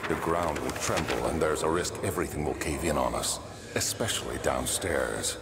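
A grim tired horror game man, super deep, grave slow delivery, heavy noise behind. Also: vocal fry. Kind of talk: game voice acting. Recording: loud background noise.

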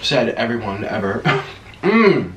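A young man hosting an eating vlog, talking casually between bites with excited gasps and murmurs. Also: mid-range voice, takes it slowly. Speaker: mukbang host. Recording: echoey room with faint noise.

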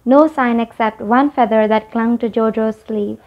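A woman narrating a children's storybook aloud in a gentle, measured way. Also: a little high, fairly even intonation, dull audio. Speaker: audiobook narrator.

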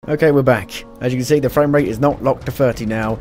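A man giving gameplay commentary at his home computer, exasperated and swearing, scolding the game out loud. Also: mid-range voice, fast, hardly any pauses, soft background music. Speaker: let's play gamer.

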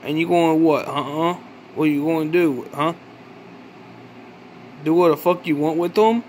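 A man giving an angry, profane vlog rant, accusing and questioning with halting restarts. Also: on the high side, a little mellow, slight background noise. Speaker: vlogger. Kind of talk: angry ranting monologue.

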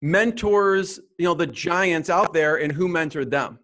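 A man's voice: a little high, a little slow, fairly bright tone. A man hosting an interview podcast, talking eagerly and chattily with his guest. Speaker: podcast host.

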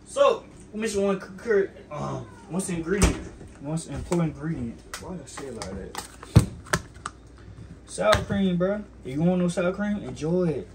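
A young man hosts his own casual cooking vlog, talking straight to his viewers as he tastes his food. His voice sits high and is expressive, moving at a moderate pace, and there's background noise.

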